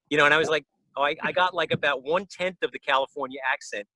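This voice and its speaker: A middle-aged man from the Bronx talks with a New York accent, telling loose, rambling stories and swearing freely. His voice sits at an ordinary pitch, recorded dry and close. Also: fast talker, hardly any pauses, sharp tone, dry recording, poor audio. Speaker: guest musician. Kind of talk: casual chat.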